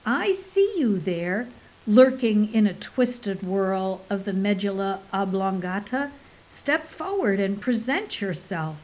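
A woman's voice: mid-range voice, lively intonation, slow, darkish tone, rough recording. A woman voicing an arrogant, callous male alien who barks orders and sneers at a rival. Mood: commanding. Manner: sneering, bossy, commanding.

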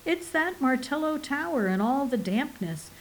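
Woman playing a fussy male barman, chatty, advice-giving, higher voice, storybook. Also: expressive, normal speed, a little hiss or hum, low-quality recording. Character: chatty, fussy male pub landlord, middle-aged.

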